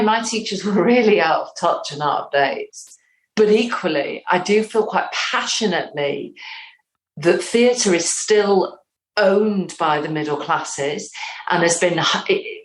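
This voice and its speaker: A woman in her fifties with a Northern English accent, a playwright and actor giving a lively interview and acting out lines of dialogue as she talks. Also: lowish voice, echoey room, poor audio. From North West England. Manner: animated, acts out quotes.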